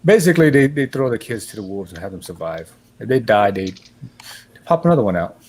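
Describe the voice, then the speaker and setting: Low-pitched man, crude teasing guest, rambling banter. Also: sing-song, fairly quick, a little mellow, rough recording. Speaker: stream guest. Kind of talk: casual banter on a stream.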